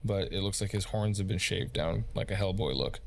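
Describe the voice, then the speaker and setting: A man's voice: low voice, fairly quick, vocal fry, slight background noise. A man narrating a tabletop game as game master, casual and rambling with lots of fillers.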